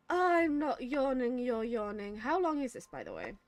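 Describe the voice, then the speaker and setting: A woman streaming a video game, chatting casually and rambling between laughs. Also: sits high. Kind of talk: casual gameplay commentary.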